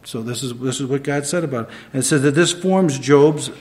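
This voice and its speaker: A man preaching a sermon, moving between quiet reflection and emphatic, rising delivery. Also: medium pitch, a little fast. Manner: dynamic, swings between soft and emphatic.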